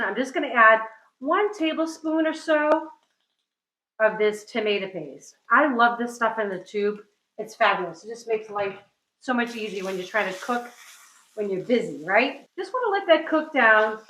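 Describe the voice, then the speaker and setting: A woman's voice: fairly high pitch, animated, moderate pace, a bit bright, roomy sound, low-quality recording. A middle-aged woman from New England hosting a casual cooking demonstration, chatty and upbeat, often checking in with "right?". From New England, USA. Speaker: cooking show host. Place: home kitchen.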